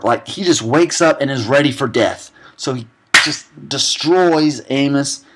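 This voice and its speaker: A young man giving a sarcastic, deadpan comedic recap of a film, dropping quick asides and snippets of characters' lines. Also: medium pitch.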